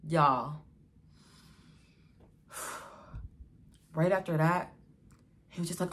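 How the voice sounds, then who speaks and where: A woman's voice: lowish voice, slow, pauses often. Exasperated woman telling a storytime. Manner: emotional, exasperated, addresses viewers as y'all. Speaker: vlogger telling a personal story. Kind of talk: storytime vlog.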